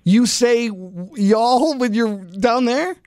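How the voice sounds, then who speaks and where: A man's voice: very high voice, slow, darkish tone, no room sound, studio quality. A man hosting a casual call-in radio talk show, full of asides and rhetorical questions.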